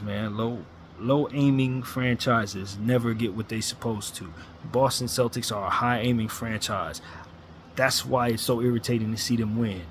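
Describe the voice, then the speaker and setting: A man's voice: mid-range voice, slight background noise. A man ranting as a sports fan commentator, blunt and frustrated, hammering his points with repetition.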